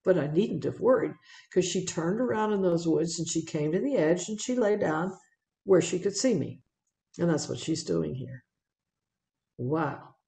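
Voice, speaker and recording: A woman presenting wildlife slides gives a public talk narrating her photos, her deep voice carrying a gravelly edge. She speaks in a conversational, animated way full of small fillers, repeats and restarts, and the sound has the echo of a room.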